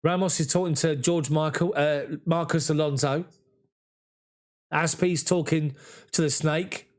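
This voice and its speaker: A man giving emotional, excited live fan commentary on a match. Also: fairly high pitch, unhurried.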